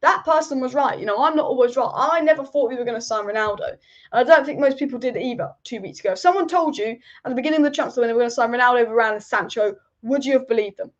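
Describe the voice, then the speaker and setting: High-voiced opinionated woman hosting a football stream. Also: highs cut off. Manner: opinionated, fast rambling, repeats points for emphasis. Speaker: football channel host. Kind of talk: live-stream football chat reading viewer comments.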